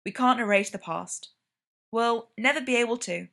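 A woman's voice: a little high, moderate pace, gravelly, a bit bright. A woman reading the lines of a blunt, exasperated young man who swears freely.

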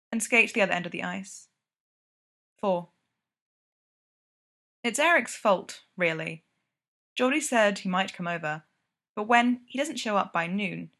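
A woman narrating a piece of fiction in a steady storytelling delivery. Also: medium pitch. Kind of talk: audiobook reading of fiction.

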